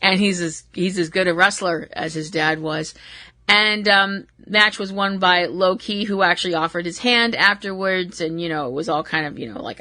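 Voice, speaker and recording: A woman from Massachusetts hosts a laid-back wrestling recap, her voice bright and clear. She wanders onto tangents, giggles at her own jokes and keeps apologizing. It sounds dry and close to the mic. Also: medium pitch, animated, normal speed, no echo. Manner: rambling and self-deprecating, laughs at herself. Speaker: podcast host.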